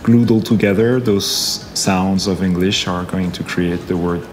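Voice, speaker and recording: A man's voice: deep voice, steady tone, unhurried, background noise. A man leading research, demonstrating step by step how speech is built. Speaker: head of research. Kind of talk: technical explanation. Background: music.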